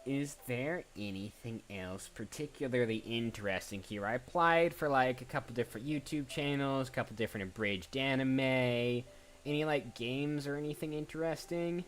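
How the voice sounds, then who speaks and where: With slight background noise behind a mid-range voice at a moderate pace, a voice actor rambles casually while streaming job applications. The talk is chatty and full of self-interruptions as listings get browsed.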